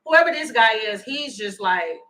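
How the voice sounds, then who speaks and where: Lady doing a tarot livestream, bright voice, pitched a bit high, chatty and animated. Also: moderate pace, slight background noise, rough recording. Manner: chatty, animated, thanks viewers by name. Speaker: tarot reader.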